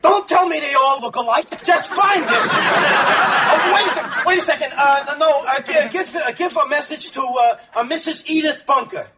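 A studio audience laughs in the background of a noisy sitcom broadcast as an actor, voice very high-pitched and at a moderate pace, plays a frantic young husband. His wife is in labor, and he stammers and stumbles over his words.

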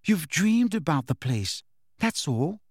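A man's voice: fairly high pitch, sing-song, takes it slowly, no echo, clean studio sound, voice pushed up, exaggerated voice. A man voicing a frightened, bookish teenage witch who pleads and reasons, in an audiobook reading. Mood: anxious, reasoning.

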